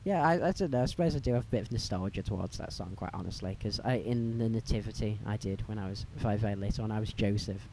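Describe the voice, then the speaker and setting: A man's voice: lowish voice, fast talker, vocal fry, few pauses, noisy background. A man hosting a casual chat, exclaiming often. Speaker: channel host.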